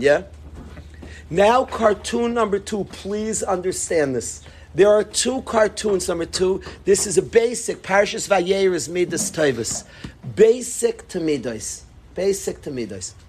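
A man teaching a religious parenting class, animated and repetitive, acting out little scenes. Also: sits high, husky. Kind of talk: parenting lesson.

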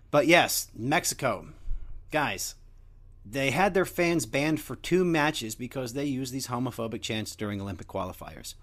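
Young man, casual monologue, crude jokes, rambling, lively pitch swings. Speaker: podcast host.

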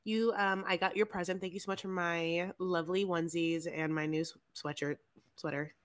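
A woman co-hosting a podcast, chatting casually and riffing playfully about a reality show in a rambling, animated way. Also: on the low side, a little fast. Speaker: podcast co-host.

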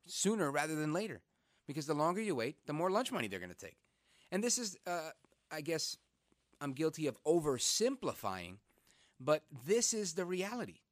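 A man hosting a talk radio show, speaking in an animated, conversational way. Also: on the high side, no echo, studio quality. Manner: animated, conversational, outraged then reflective. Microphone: studio microphone.

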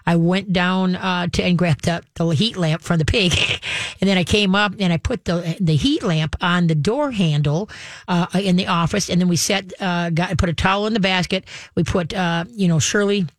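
A woman's voice: lowish voice, moderate pace, no echo, studio quality. A woman telling a long story in casual conversation, full of fillers and restarts. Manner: rambling, many fillers and restarts.

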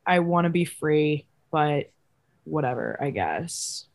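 A young woman co-hosting a casual podcast over a video call, telling a rambling, animated story. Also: low voice, slow pace. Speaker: podcast co-host. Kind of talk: casual chat.

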